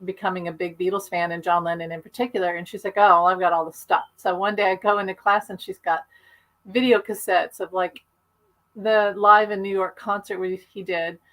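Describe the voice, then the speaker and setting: A woman's voice: mid-range voice, flat delivery, a little fast, a bit bright, rough recording. Chatty woman on a video call. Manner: chatty, rambling, laughs often. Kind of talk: casual chat.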